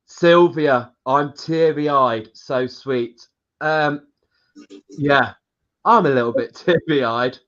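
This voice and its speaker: A man's voice: mid-range voice, a bit bright. A man hosting a live online show, chatting casually and reading out viewer comments. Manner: unhurried, reads out viewer comments. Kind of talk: casual live-stream chat. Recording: dull lo-fi live-stream audio.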